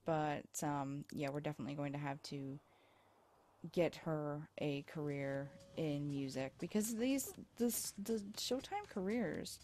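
A low-pitched woman with a mellow, warm tone talks through her game as she plays. She sounds worn out, rambling and joking at her own expense. She records on a USB microphone. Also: a little slow. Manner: chatty, rambling, self-deprecating. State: tired. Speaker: let's play host. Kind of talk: casual gameplay commentary.

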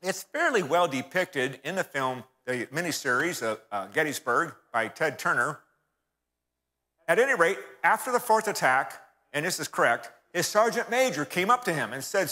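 Bright-voiced man in a reverberant church. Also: on the high side, sing-song, normal speed. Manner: storytelling, addresses audience as folks. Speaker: church speaker. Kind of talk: history talk from the pulpit. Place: church hall.

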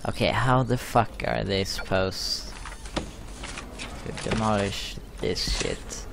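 A man's voice: lowish voice, slow pace, creaky. A man giving casual gameplay commentary, swearing often in an exasperated way as he plays. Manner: profane, exasperated running commentary. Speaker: gaming video host. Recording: noisy background.

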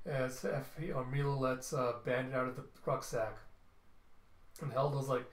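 Animated man recapping a comic. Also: medium pitch, moderate pace, distant mic. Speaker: comic book reviewer. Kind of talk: casual readthrough narration. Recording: roomy echo.

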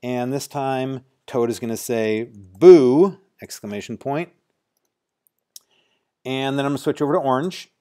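Man, teacher, warm mellow tone, casual think-aloud tutorial, mid pitch. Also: fairly even intonation, a little fast, few pauses, smooth. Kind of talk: screen-recorded coding tutorial.

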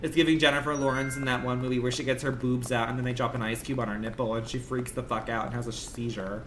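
A man's voice: medium pitch, level tone, fast, fairly bright tone, a little hiss or hum. Campy, profane young man streaming a game. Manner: campy, dramatic, profane rants. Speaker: livestreamer. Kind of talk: casual game commentary.

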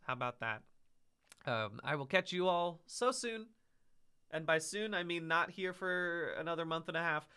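Male streamer, chatty and self-interrupting, clean bright sound. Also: a little high, clear, resonant tone. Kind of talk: casual stream sign-off chat.

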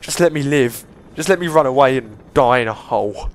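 A man's voice: mid-range voice, animated, brisk. A young man commentating on a game he is playing, swearing and breaking into panicky outbursts. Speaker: gameplay commentator. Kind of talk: let's play commentary.

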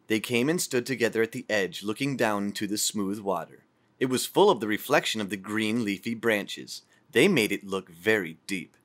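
A man narrating a storybook audiobook in a calm, measured way. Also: lowish voice. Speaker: audiobook reader.

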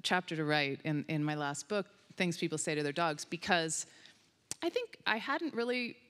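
A woman with a notably low voice speaks as an interview guest, telling her stories with lively enthusiasm. Her voice carries a long hall reverb, as if she is on stage in a large auditorium. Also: moderate pace, clear, resonant tone. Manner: enthusiastic, animated storytelling. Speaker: guest researcher on dog cognition. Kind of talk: conversational interview answers.

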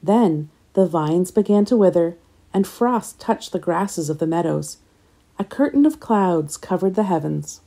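A woman reading a children's nonfiction book and a legend aloud in a gentle, measured storytelling voice. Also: lowish voice, lively intonation. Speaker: storybook reader.

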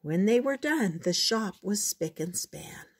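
An older woman gently reading a children's storybook aloud in a measured, unhurried way. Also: mid-range voice, animated, breathy edge.

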